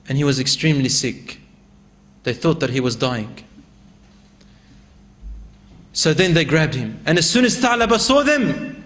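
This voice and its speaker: A high-voiced man preaching, telling a religious story with dramatic, animated delivery. He builds the tale with vivid, emphatic phrasing as a sermon storyteller.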